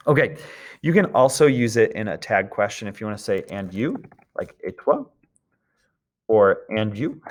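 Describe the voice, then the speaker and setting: Fairly low-voiced man teaching. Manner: explains patiently, often checks with "d'accord?"; switches between English and French examples. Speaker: French teacher. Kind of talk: recorded classroom lesson.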